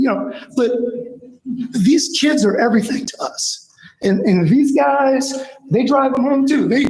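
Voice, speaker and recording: A man's voice: extremely high pitch, a little mellow. A man in his fifties from Michigan, a longtime teacher and coach, giving an emotional, rambling public comment at a school board meeting. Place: large meeting room. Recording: echoey meeting hall.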